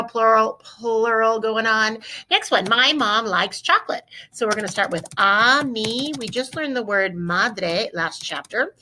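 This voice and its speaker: A woman walks her students through a Spanish grammar lesson recorded at her computer. Her voice is bright and forward, and she keeps an upbeat coaching tone, often putting questions to the class. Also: mid-range voice. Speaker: Spanish teacher. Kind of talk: recorded screen-share lesson.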